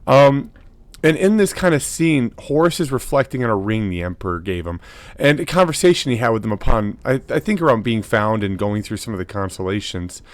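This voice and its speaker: A man's voice: mid-range voice, lively intonation, fairly quick, no echo. A man hosting a lore video in casual commentary, talking loosely with lots of fillers and tag questions.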